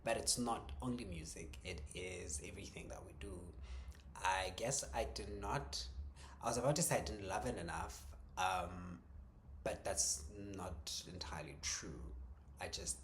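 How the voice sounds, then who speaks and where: Slow, low-voiced man musing aloud. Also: a little hiss or hum. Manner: halting, many ums and restarts, soft chuckles. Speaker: vlogger. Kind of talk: reflective personal vlog.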